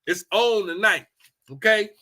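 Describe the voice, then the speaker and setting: A man from Los Angeles talking straight to his audience in a blunt, profane, animated rant full of repeated phrases. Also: sits high, measured pace. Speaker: commentator. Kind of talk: casual political rant.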